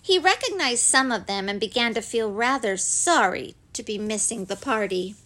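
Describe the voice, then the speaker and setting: A woman gently reading a children's story aloud, unhurried and expressive. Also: fairly high pitch.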